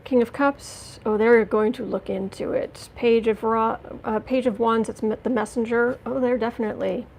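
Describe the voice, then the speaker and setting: A woman giving a livestreamed tarot reading, talking indignantly and emphatically with halting restarts as she greets chat. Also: a little high, steady tone, vocal fry, darkish tone, low-quality recording. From United States. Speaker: tarot reader.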